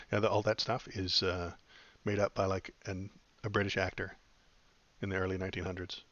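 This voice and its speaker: Low-voiced man chatting loosely, dull mic. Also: little pitch movement, normal speed, a bit bright, dry recording. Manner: rambling, loose and wry, many fillers. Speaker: podcast host. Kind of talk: casual chat.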